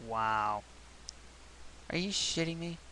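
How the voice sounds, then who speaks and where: A man rants into his camera with a mocking, exasperated edge and plenty of swearing. His voice sits a little on the high side. A faint hiss runs under the recording. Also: lively intonation, slow pace, pushed and bright, rough recording. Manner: sarcastic, exasperated; profane, mocking. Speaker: video blogger. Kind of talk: ranting vlog.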